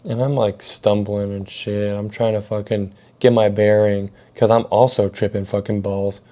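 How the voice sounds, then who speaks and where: A man's voice: lowish voice, level tone, normal speed, mellow. A young man telling a story in a rambling way, swearing a lot and full of filler words. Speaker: storytelling vlogger. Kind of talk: casual storytelling.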